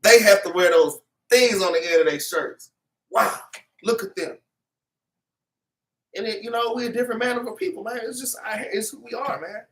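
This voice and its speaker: A man's voice: sits high, moderate pace, pauses often, a bit bright, recorded from a distance. A man teaching an informal Bible class, preachy and repetitive, tagging his lines with "man" and "okay".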